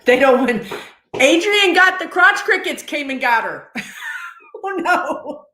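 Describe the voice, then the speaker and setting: Bright, high-voiced woman in an echoey room. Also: lively intonation, takes it slowly. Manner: teasing, joking banter. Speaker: live-stream host. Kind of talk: casual live-stream chat. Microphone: video call.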